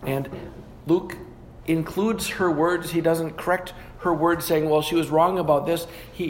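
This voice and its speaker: A man preaching through a bible passage in a teaching sermon, his voice sitting a bit high for a man. He often stops to correct a word before going on. Faint noise sits behind him. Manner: teaching through scripture with frequent self-corrections. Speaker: pastor.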